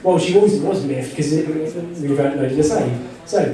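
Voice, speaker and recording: A man's voice: on the high side, a little fast, mellow. A man running a live text adventure as game master, narrating theatrically and joking with the audience. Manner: theatrical, wry and joking, repeats a set catchphrase. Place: convention hall with an audience. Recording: echoey hall, from far off, crowd noise.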